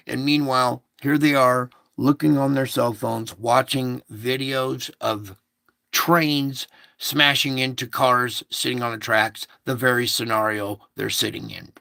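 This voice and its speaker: A man's voice: medium pitch, fairly even intonation, a little slow, creaky, pushed and bright, no room sound. A man recounting a recurring dream in a rambling, repetitive casual monologue, stopping now and then to fiddle with his equipment.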